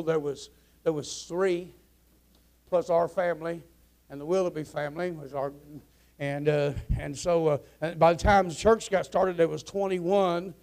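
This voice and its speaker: A man's voice: a little high, a little mellow. A man preaching to his church, telling folksy jokes in a rambling way with many restarts. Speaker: pastor. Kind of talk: joke-telling before a sermon. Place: church sanctuary.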